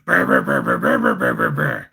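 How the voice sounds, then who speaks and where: A man putting on a deep, gravelly, mumbled voice to play a gruff male masked vigilante. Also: steady tone, moderate pace, pushed and bright, exaggerated voice. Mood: growling. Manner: mumbled, hard to make out.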